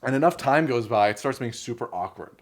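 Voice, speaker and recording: A man's voice: medium pitch, expressive, a little fast. A man telling a comic dream story at a live poetry night, rambling with lots of fillers and laughing as he goes. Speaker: open mic storyteller.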